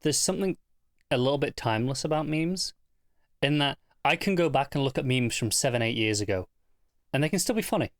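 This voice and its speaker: A man co-hosting a casual TV review podcast, thoughtful and measured with a dry teasing streak. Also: medium pitch, animated, dry recording. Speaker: podcast co-host.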